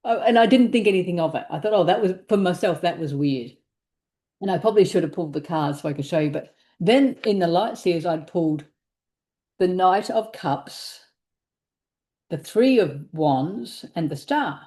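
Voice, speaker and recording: A woman co-hosting a tarot podcast, telling a story in a casual, animated way, laughing and acting out what people said. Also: on the low side, normal speed. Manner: animated, laughing, acts out quoted speech. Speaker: tarot reader and podcast co-host.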